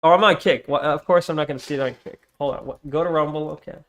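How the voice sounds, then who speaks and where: A man's voice: a little high, fairly even intonation, quick pace, a bit bright. Chatty male streamer reading chat. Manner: distracted, reads chat aloud, many restarts and "hold on"s. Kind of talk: casual live-stream chat.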